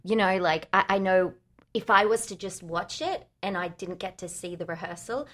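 A woman's voice: on the low side, moderate pace, a bit bright. A woman leading a tap dance troupe, chatting enthusiastically as a guest in an interview, with lots of "like" and "um". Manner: enthusiastic and chatty, many fillers like "like" and "um". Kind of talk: casual interview chat.

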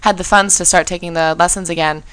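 Fast-talking woman telling a story. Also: lowish voice, clean tone, no echo, low-quality recording. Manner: animated, acts out quoted voices. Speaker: show co-host. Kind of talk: casual storytelling chat.

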